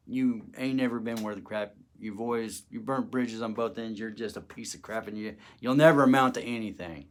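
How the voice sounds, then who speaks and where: A man's voice: fairly low pitch, moderate pace, few pauses. A middle-aged man telling a personal testimony, emotional and dramatic, acting out the quoted words. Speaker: testimony speaker.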